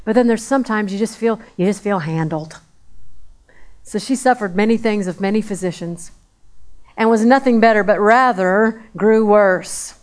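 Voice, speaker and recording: A woman's voice: medium pitch, moderate pace. A woman preaching a sermon in a conversational way, repeating phrases for emphasis.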